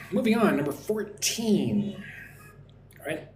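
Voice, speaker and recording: Man, English teacher on a livestream, slightly high voice, friendly and repetitive, roomy echo. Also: big pitch swings, a little hiss or hum. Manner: friendly, repeats "right?" often, slow careful modelling of words. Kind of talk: live-streamed English lesson. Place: home in Vietnam. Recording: echoey room with faint ambience.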